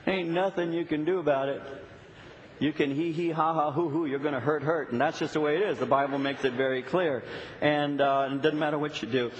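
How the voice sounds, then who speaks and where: A middle-aged male pastor preaching a sermon, telling a story with lots of repeated "and"s and lively retelling. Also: on the high side, brisk. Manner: storytelling, animated, with many repeated "and"s. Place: church sanctuary. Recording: long reverb of a church hall.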